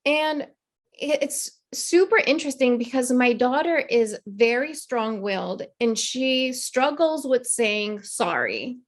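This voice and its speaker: Earnest higher-voiced woman. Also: animated, slow. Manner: earnest, reflective, acts out children's voices in quotes. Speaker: podcast guest, therapist and mother. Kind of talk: conversational interview.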